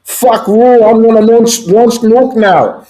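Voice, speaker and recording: Brief: man impersonating a furious dictator online gamer, shouted broken English, voice pushed up high. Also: unhurried, low-quality recording. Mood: raging. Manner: shouty, clipped broken phrases. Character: ranting male dictator gamer, broken English, hot-tempered.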